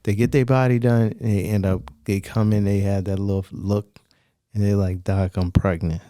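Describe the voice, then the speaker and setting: A man's voice: lowish voice, normal speed, clear, resonant tone, no echo, studio quality. A man, a plastic surgeon, chatting casually on a podcast, joking and filling his talk with "like". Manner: relaxed, joking, many "like" fillers.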